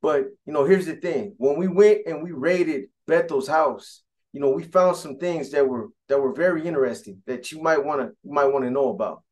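A man's voice: on the high side, darkish tone, natural voice. A man quoting a matter-of-fact male federal agent. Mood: measured. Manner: measured, laying out facts.

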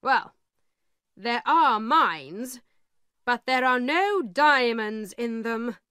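A woman voicing a calm, grave male lawyer in a storybook reading, with a slow, matter-of-fact delivery. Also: on the high side, smooth, no echo, studio quality, full character voice.

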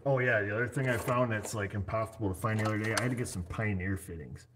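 A fast-talking man in his forties with a lowish voice hosts a casual livestream, rambling and joking into a computer setup on his screen. There's noise in the background.

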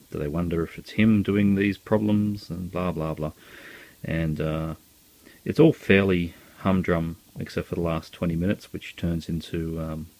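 Low-voiced man chatting casually. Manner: relaxed and chatty, lots of ums and uhs. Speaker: collector reviewing his film purchases. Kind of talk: casual video review.

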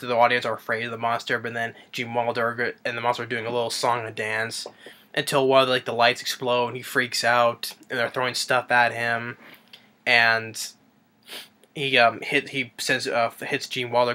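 A man's voice: mid-range voice, pushed and bright. A man casually recapping a movie in a rambling way, with lots of ums and restarts. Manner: rambling, with many fillers and restarts. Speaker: movie reviewer.

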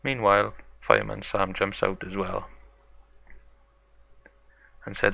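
Slow gravelly man narrating toy play. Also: on the low side, level tone, sharp tone, lo-fi sound. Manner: plain storytelling, halting. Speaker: toy channel host.

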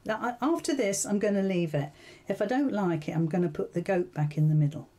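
Leading a casual live sewing lesson, a woman with a fairly low, warm, mellow voice moves at a brisk clip. She talks through her thoughts while working and keeps checking in with viewers through questions.

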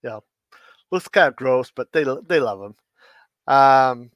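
A man's voice: medium pitch, lively intonation, slow, a bit bright, no echo. A man hosting a casual live stream, reading dad jokes aloud and chuckling at his own punchlines, with loose rambling asides.

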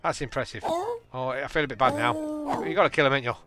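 Excitable man commenting on a game. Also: a little high, brisk. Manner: excitable, jokey, laughs at his own jokes. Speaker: gaming channel host.

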